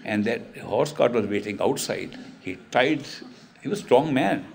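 An older man tells a story with gravelly grit in his voice. His pitch rises and falls in a lively way as he talks. His manner is animated. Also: measured pace. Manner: animated, often laughing while telling. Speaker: spiritual teacher telling stories. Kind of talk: storytelling talk.

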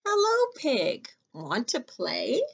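A woman voicing an eager, chatty young male rabbit in a storybook, talking high and excited. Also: slow pace, gravelly, breathy edge, highs cut off, heavily acted.

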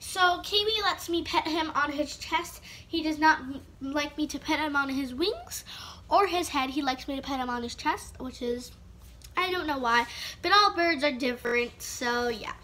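High bright girly voice, slow rambly vlog chat, lots of "like". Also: slight background noise. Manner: rambling, full of "like" and restarts. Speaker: vlogger. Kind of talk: casual chat to camera.

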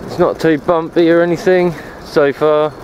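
Filming one-handed on a handheld camera while cycling a rural path, this touring vlogger rambles and swears freely in casual chat. He sounds a little high but darkish, with a flat delivery at normal speed. The audio is poor, with slight background noise.

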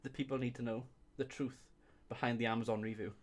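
A man's voice: mid-range voice, flat delivery, fast, darkish tone. A young man hosting a casual comedy video, reading reviews aloud and often breaking into laughter. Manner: giggly, keeps breaking into laughter. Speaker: video host.

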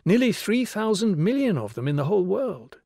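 A man's voice: high voice, big pitch swings, moderate pace, a little mellow, dry recording, studio quality, voice pushed up, exaggerated voice. A man reading the part of a patient, playful young male teacher who explains and questions a class of children. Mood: lecturing. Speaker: schoolteacher. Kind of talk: audiobook character reading.

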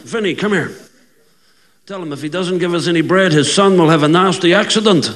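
A man's voice: high-pitched, brisk, a bit bright. A man voicing an Italian mobster pope with a gangster accent who makes threats. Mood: menacing. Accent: Italian-American gangster. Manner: threatening, swaggering tough-guy talk.

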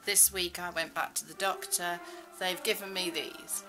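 A woman's voice: on the low side, fairly even intonation, normal speed, music in the background, rough recording. A middle-aged woman vlogging in a rambling, self-mocking way, full of fillers. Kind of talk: casual chat.

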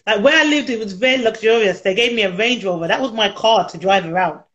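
Give me a chatty British woman being interviewed about her nanny work, quick to laugh. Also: mid-range voice, a bit bright, muffled recording. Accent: British English. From United Kingdom. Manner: chatty, laughs often, acts out quoted voices. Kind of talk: casual interview chat.

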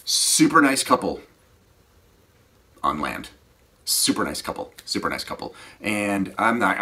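A man who teaches scuba, telling rambling, animated stories in a casual way that often trails off quietly. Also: deep voice, vocal fry. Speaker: scuba diving instructor. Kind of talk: casual anecdotal storytelling.

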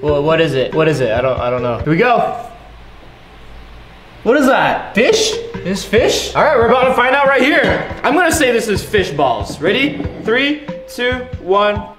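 A young man chatting excitedly through a casual food taste-test vlog, full of tasting noises and quick reactions. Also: high-pitched. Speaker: vlogger. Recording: echoey room with background music.

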